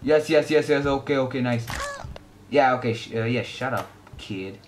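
A young man giving casual gameplay commentary, excitable and yelping at the game. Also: medium pitch, moderate pace, noisy background. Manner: excitable, yelps and shrieks at the game. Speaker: gaming YouTuber.

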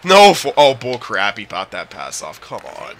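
A young man commentating his own hockey video game, frustrated, yelling at teammates and sighing. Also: mid-range voice, huge pitch swings, moderate pace. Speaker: gaming channel host. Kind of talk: live gameplay commentary.

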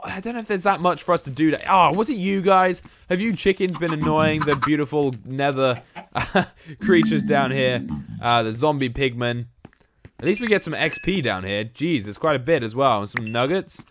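A man's voice: on the high side, no echo. A young man from England giving chatty Let's Play commentary, talking to the characters in the game and yelping when startled. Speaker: gaming YouTuber.

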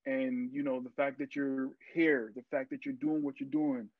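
A young man and actor, a podcast guest, telling stories in a casual interview, lively and full of fillers as he acts out what people said. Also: mid-range voice, normal speed, no room sound. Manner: animated storyteller, acts out quotes, many fillers. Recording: dry, muffled lo-fi sound.

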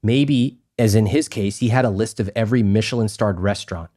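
A man in a podcast interview, talking emphatically and acting out little exchanges, his voice climbing high when he stresses a point. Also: a little fast, mellow. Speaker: guest, personal finance author.

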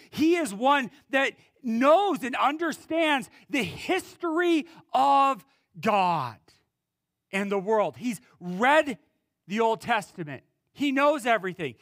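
A man preaching a sermon as pastor, pausing dramatically and swinging between loud emphasis and quiet, low words. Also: big pitch swings, no echo, studio quality. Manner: preaching with dramatic pauses and wide swings in pitch and loudness.

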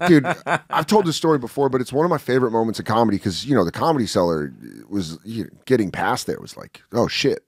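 Animated man in his forties telling stories. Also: mid-range voice, fast, few pauses, husky, no room sound, clean studio sound. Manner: animated storyteller acting out other people's lines. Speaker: guest comedian. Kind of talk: casual podcast chat. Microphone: studio podcast mic.

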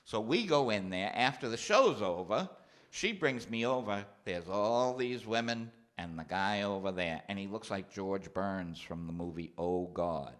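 Animated man in his fifties telling stories. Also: a little slow. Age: 50s. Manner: animated, acts out characters in a high loud voice. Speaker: comedian. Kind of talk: stand-up storytelling chat. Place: TV studio with live audience.

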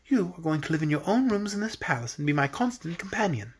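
A man's voice: a little high, sing-song, fast talker, breathy edge, heavily acted. A man reading a storybook aloud, voicing a kindly fairy girl ruler who speaks in a gracious, formal way.

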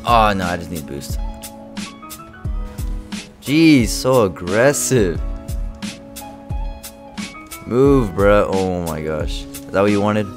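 Excitable young man trash-talking over gameplay. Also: deep voice, moderate pace, hardly any pauses, music in the background. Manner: excitable, trash-talking, swings between muttering and shouting. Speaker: gaming video creator. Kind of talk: live gameplay commentary.

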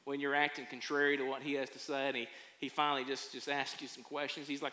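A man who preaches a sermon as a pastor, telling stories with folksy humor and animated delivery. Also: medium pitch, fast talker, hardly any pauses. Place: church sanctuary. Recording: echoey church sanctuary.

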